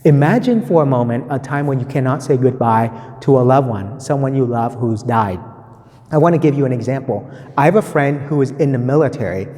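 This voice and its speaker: A man walks through a gospel reading in an easy teaching tone, stopping to ask "right?" and stressing his points again. His voice is mellow and dark. The sound rings with a long reverb tail. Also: mid-range voice, lively intonation, brisk. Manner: conversational, repeats points, many "right?" tag questions. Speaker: preacher giving a gospel reflection. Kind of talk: teaching reflection on scripture.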